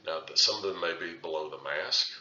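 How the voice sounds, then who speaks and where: Deep-voiced man lecturing, sharp tone. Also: fairly quick, echoey room, lo-fi sound, slight background noise. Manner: conversational, with frequent restarts and filler phrases. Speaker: surveying instructor. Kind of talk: recorded lecture.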